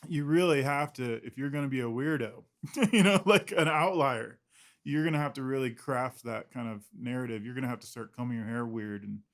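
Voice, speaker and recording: A man's voice: mid-range voice, brisk. A man, an illustrator guest in an interview, talking casually in a rambling, self-deprecating way with frequent laughs.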